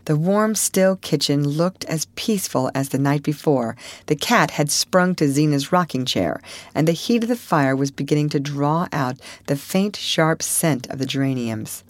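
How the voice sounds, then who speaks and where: A woman narrating an audiobook in a measured, expressive reading. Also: low voice, no room sound. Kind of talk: scripted narration.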